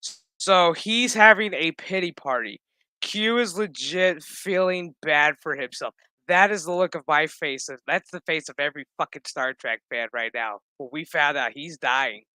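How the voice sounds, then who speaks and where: A man with a somewhat high, forceful voice rants through a casual, profane recap of an episode. He slips into the characters' lines with exasperated energy, and the sound is dry and close. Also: moderate pace, clear, resonant tone, dry recording. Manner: animated, swearing, acts out dialogue; exasperated rant. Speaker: show recap host.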